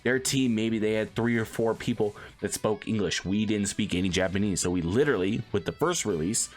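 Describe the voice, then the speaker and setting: A man's voice: fairly low pitch, brisk, soft background music. A man streamer reading an article aloud, breaking off for casual asides and acting out quotes in put-on voices.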